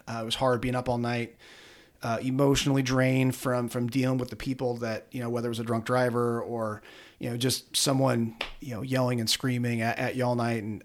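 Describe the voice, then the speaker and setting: Talking plainly with an interviewer, a middle-aged police officer shares a personal story of a difficult experience. His voice is at an ordinary middle pitch, and his earnest delivery halts often, full of fillers and restarts.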